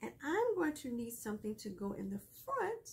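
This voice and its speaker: Gravelly-voiced woman hosting a craft tutorial. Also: a little high, very animated, moderate pace. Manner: chatty, explains steps as she works, laughs often. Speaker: craft video host.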